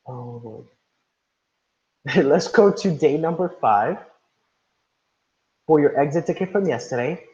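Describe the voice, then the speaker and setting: A man's voice: fairly high pitch, warm tone, dull audio. A male teacher leading an online class, reading instructions and calling on students by name. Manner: encouraging, calls on students by name. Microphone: video call.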